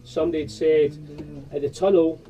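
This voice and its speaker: A man hosting a casual radio interview, halting and restarting his questions often. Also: a little high, flat delivery, mellow, distant mic, dull audio. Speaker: radio host. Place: radio studio.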